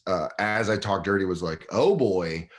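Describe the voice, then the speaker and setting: A man's voice: deep voice, normal speed, very noisy. A young man, a comedian guest, telling stories casually on a podcast and acting out the quotes. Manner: animated storyteller acting out quotes.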